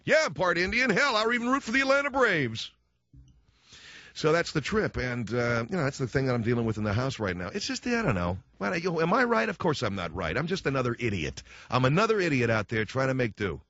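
Mid-range in pitch, quick, and with few pauses, this man runs a talk radio show bluntly and sarcastically, bringing quoted voices to life in an animated way. The studio recording is dull and dry, with no echo.

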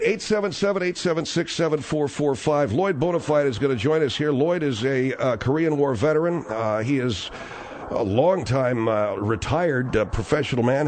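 A man hosting a radio talk show from a studio by the ocean, talking fast with a salesman's push on a studio microphone. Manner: fast, promotional pitching.

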